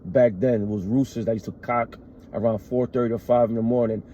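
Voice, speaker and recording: A man preaches scripture in a very dark, mellow voice and stresses his points hard. He reads a verse aloud and then explains it. The recording sounds muffled, with faint noise behind him. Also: mid-range voice, steady tone, a little fast. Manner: emphatic, repeats "all right" and "man". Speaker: street preacher. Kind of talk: scripture teaching.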